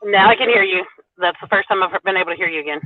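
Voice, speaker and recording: A woman joins a live stream from her parked car by a lake, chatty and teasing. Her voice comes through a narrow, tinny phone line. The sound is dry, with no room echo. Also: medium pitch. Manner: chatty, teasing, quick to laugh. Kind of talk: casual live-stream chat.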